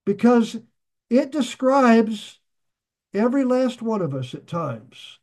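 Slow, high-voiced man preaching a sermon. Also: sing-song, a little mellow. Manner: slow, deliberate, asks the listeners questions. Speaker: pastor. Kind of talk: sermon, reading and explaining scripture.

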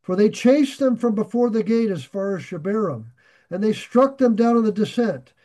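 A man's voice: high voice, expressive, moderate pace, dark tone. A middle-aged man preaching, reading scripture aloud and paraphrasing it in plain everyday words. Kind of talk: Bible teaching sermon.

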